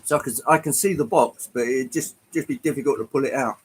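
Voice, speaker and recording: A man's voice: medium pitch, quick pace, breathy edge, low-quality recording. A man hosting a casual livestream, chatting to viewers in a rambling, hesitant way with frequent ums, from Britain. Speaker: livestream host. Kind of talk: casual chat with live chat viewers.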